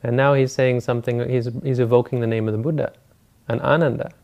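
A man's voice: medium pitch, level tone, fast, creaky, a little mellow, close to an everyday voice. A man voicing palace guards formally reporting a captured thief to their king. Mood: deferential.

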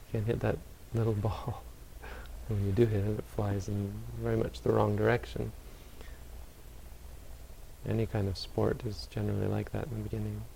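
A man who is a Buddhist meditation teacher, answering audience questions in a calm, unhurried, gently advising way. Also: lowish voice, gravelly, slight background noise, poor audio.

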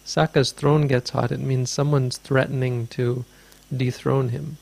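A man's voice: mid-range voice, level tone, a little slow, creaky, a little mellow. A man teaching as a Buddhist teacher, answering a question in a dharma talk with meandering, thoughtful storytelling.

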